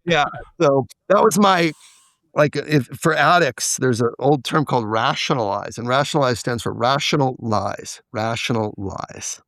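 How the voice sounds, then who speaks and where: A man's voice: mid-range voice, moderate pace, a bit bright, dry recording. A man as a podcast guest, candidly telling a personal story and acting out the quoted dialogue. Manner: confessional, acts out quoted dialogue.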